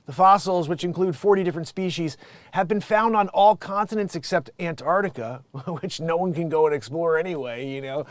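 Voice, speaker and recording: Jokey high-voiced comedy news host, man. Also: fairly quick, no echo. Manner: jokey, swearing, swings into loud bits.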